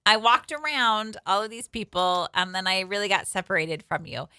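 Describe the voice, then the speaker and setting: A woman's voice: medium pitch, moderate pace, bright, forceful tone, smooth, no room sound, clean studio sound. A woman co-hosting a morning radio show, telling her side of a story with giggles in casual banter. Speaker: radio co-host.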